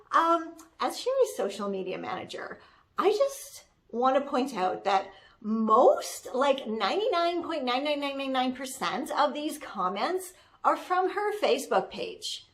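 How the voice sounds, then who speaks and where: A woman playing a bubbly, trendy young social media manager who talks in valley-girl style, peppered with "like" and "totally", in a comedic character monologue. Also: high-pitched.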